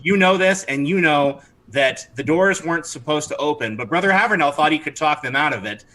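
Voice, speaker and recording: A man's voice: on the high side, animated, fairly quick, pushed and bright, poor audio. A man narrating a tabletop game as game master, chatty, with frequent restarts. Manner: chatty, with many restarts and fillers.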